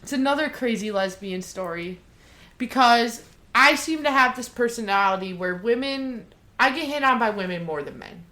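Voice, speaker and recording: A woman's voice: fairly high pitch, lively intonation, moderate pace, pushed and bright. A young woman co-hosting a podcast, telling a story in brash, profane casual chat and acting out the voices of the people in it. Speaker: podcast co-host.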